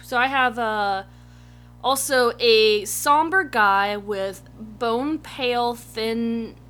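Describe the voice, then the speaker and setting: A woman with a bright, fairly high voice recaps a campaign she played in. She is casual, matter-of-fact and dryly wry. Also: extremely slow. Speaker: player and podcast co-host. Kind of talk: casual chat.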